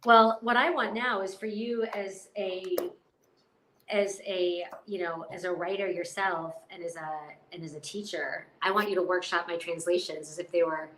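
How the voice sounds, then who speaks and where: A woman's voice: on the low side, steady tone, normal speed, a bit bright. Woman translator in an echoey room. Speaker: translator, podcast guest. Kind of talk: casual book discussion. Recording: echoey room with faint noise.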